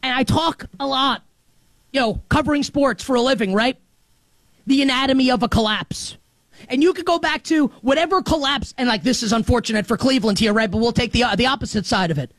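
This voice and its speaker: An excitable, high-voiced male sports host from New York delivers a brisk, echo-free monologue of sports commentary. He's animated and emphatic, swinging between shouted highs and muttered lows.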